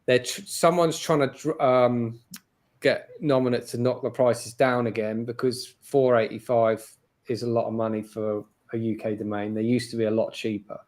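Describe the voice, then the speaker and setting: A man's voice: mid-range voice, flat delivery, moderate pace, a little mellow. A British man, a guest on an interview show, talking in a casual, chatty way with many "you know" and "like" fillers. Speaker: interview guest, domain investor.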